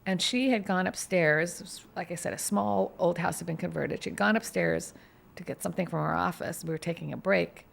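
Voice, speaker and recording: A woman lawyer co-hosting a podcast, telling stories in an animated, vivid way. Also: on the low side, a little fast, creaky. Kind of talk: casual storytelling chat.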